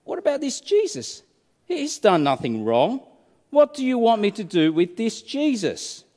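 A man's voice: high voice, wildly swooping pitch, unhurried, a little mellow, voice pushed up, exaggerated voice. A male preacher voicing a wavering Roman governor who is coaxing a crowd. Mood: baffled. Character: wavering Roman governor, middle-aged man. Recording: reverberant hall.

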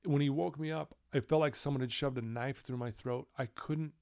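A middle-aged man from Utah speaks earnestly as a podcast guest, his voice gravelly. He drops to a hushed tone when quoting others, recorded dry and close. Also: medium pitch, steady tone, brisk, dry recording. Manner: earnest storytelling, acts out quoted dialogue in a hushed voice. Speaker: guest telling his life story. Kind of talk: candid podcast conversation.

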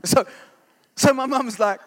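An East Ender who leads discipleship at his church preaches a humorous, story-filled sermon at normal speed, his high voice swinging widely in pitch. He's relaxed and self-deprecating, often asking "right?", with a long reverb tail behind him.

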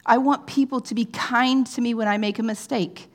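A woman giving an earnest, conversational sermon, often checking in with "right?" and sometimes dropping to a soft, near-whispered tone. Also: fairly high pitch, steady tone, moderate pace. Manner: drops to soft, near-whispered phrases at times. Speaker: pastor.

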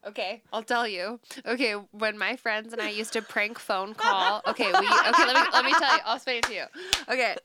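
A young woman co-hosting a casual podcast, telling stories in a giggly, animated way. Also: on the high side, brisk, a loud crowd. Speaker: podcast co-host.

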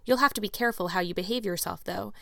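A woman's voice: mid-range voice, fast talker, gravelly, bright, forceful tone, no echo. A strict older spinster speaks in curt, no-nonsense terms and hands out rules and warnings, voiced by a woman reader. The delivery is plain and clipped, in a dry voice with no room sound around it. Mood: matter-of-fact. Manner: curt, scolding, matter-of-fact. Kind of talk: audiobook character reading.

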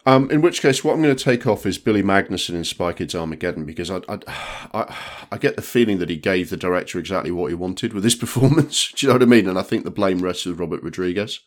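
Man, very low voice, blunt and sweary, casual podcast film chat. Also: expressive, quick pace, hardly any pauses. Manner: blunt, swears, many restarts. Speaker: podcast co-host.

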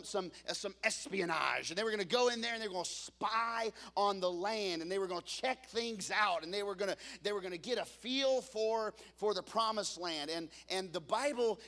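A man preaches a sermon in a high, lively voice. He tells the story with playful asides to the congregation. His delivery swings from loud, punchy peaks to soft, hushed lows. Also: in a large hall. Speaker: pastor.

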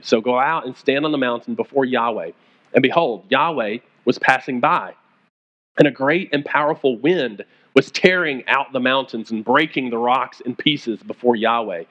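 A man's voice: mid-range voice, normal speed, fairly bright tone, muffled recording. Man preaching a conversational sermon. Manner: conversational, acts out quoted voices. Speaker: pastor.

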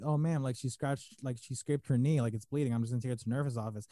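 A man rambles through a story on a podcast, words tumbling out quickly. His tone is dark and mellow, and the dry close mic adds no room sound. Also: medium pitch, dry recording. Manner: rambling, many fillers and restarts. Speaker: podcast co-host. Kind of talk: casual storytelling.

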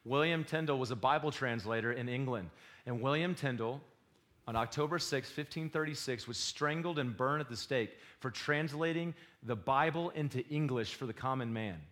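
A man preaching a sermon, swinging between loud exhortation and quiet confession. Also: medium pitch, moderate pace. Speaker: pastor.

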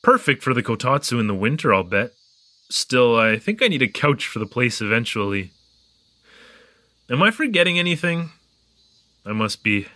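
A man voicing a young diarist, lively swinging pitch, bright, dry close recording, animated and joking. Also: moderate pace, pauses often, no echo. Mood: musing. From Canada. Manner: animated, joking, wandering asides. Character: young male newcomer keeping a spoken diary, curious, chatty. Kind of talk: audio drama narration.

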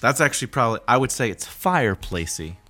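A young man chatting casually as co-host, his pitch swinging widely. The tone is bright and forward. Soft music sits faintly behind. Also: sing-song, fast talker. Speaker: podcast co-host. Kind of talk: casual chat.

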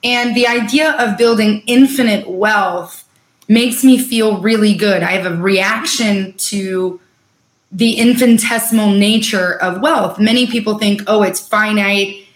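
A woman's voice: mid-range voice, a little slow, reverberant. A woman podcast host asking long, earnest, enthusiastic questions. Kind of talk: interview questions.

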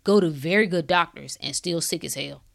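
A woman's voice: low-pitched, normal speed, creaky, fairly bright tone. A woman in a casual monologue, blunt and preachy, firing off sarcastic rhetorical questions in slangy talk.

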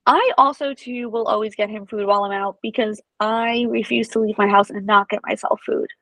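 A woman's voice: mid-range voice, brisk, no echo, rough recording. A young woman co-hosting a podcast, chatting casually and acting out quotes as she tells stories. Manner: animated storyteller who acts out quotes. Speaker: podcast co-host. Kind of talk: casual chat.

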